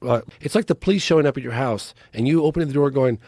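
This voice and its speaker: Man, podcast guest, filmmaker, earnest, urgent, medium pitch, dry close sound. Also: quick pace, darkish tone, no echo. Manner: earnest, urgent, pleading appeals. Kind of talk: casual interview talk.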